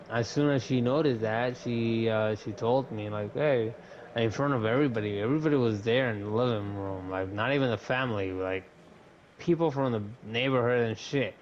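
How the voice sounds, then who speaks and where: A young man talking casually on a podcast, telling a long story and swearing as he goes. He acts out the lines of other people. The mic sounds dull and lo-fi, with faint hiss behind him. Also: medium pitch. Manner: animated, swears often, acts out quotes. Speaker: podcast co-host.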